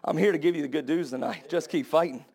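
A young adult man preaching a sermon to his church, impassioned and building to high, emphatic cries. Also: quick pace, gravelly, a little mellow, breathy edge. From United States.

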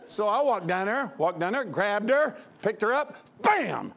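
Male pastor, folksy storytelling sermon, high voice, very lively pitch, loud bursts and hushed asides. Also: unhurried, gravelly. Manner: animated, swinging between loud outbursts and quiet asides. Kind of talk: folksy preaching with anecdotes.

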